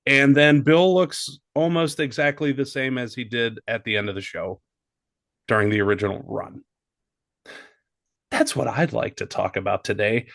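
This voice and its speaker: A man hosting a podcast in relaxed, casual chat, laughing often. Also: mid-range voice, normal speed, gravelly, dry recording, clean studio sound. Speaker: podcast host.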